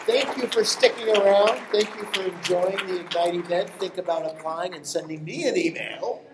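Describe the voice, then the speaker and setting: A man's voice: high voice, normal speed. A man closing an event as host, thanking the audience in an upbeat way. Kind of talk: closing remarks. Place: conference hall with audience. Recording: roomy hall, distant mic, loud crowd noise.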